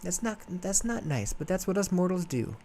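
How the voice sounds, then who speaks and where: A man's voice: high voice, big pitch swings, normal speed, warm tone, slight background noise, voice pushed up. A man voicing a naive, handsome young mortal prince who speaks earnestly. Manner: earnest, wide-eyed.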